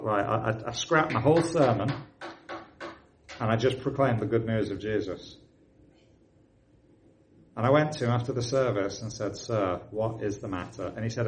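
A man preaching a sermon, telling a story and rising to loud, excited emphasis. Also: on the low side, slight background noise, poor audio.

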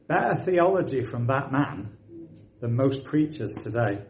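A man preaching a sermon, telling a story and rising to loud, excited emphasis. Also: mid-range voice, a little slow, slight background noise, rough recording.

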